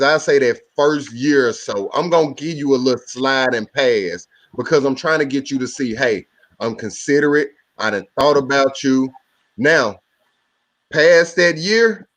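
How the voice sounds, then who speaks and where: Animated man telling a story on a call. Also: medium pitch, normal speed. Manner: animated storytelling, acts out quotes. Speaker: podcast co-host. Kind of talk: casual group chat. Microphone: video call.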